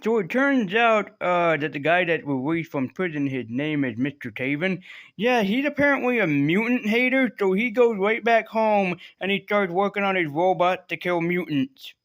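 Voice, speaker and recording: A man's voice: high-pitched, expressive, normal speed, a bit bright. A man casually reviewing comic books in a rambling, sarcastic way, swearing freely.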